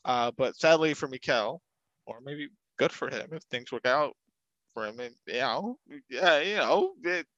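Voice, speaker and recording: A man's voice: mid-range voice, animated, unhurried, a bit bright, no echo, highs cut off. Chatty young man recapping a show. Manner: chatty, laughs often, rambling asides. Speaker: podcast co-host recapping a TV show. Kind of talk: casual chat.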